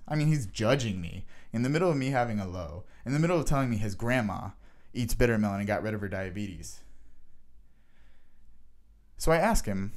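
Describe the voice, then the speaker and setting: A man ranting in a casual vlog, animated and sarcastic. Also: lowish voice, brisk. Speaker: vlogger.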